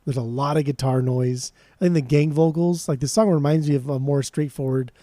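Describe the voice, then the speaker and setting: A man's voice: a little high, fairly even intonation, fairly quick, mellow, no echo. A young man co-hosting a podcast, chatting casually and enthusiastically about an album, with lots of swearing and slang. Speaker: podcast co-host. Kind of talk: casual music review chat.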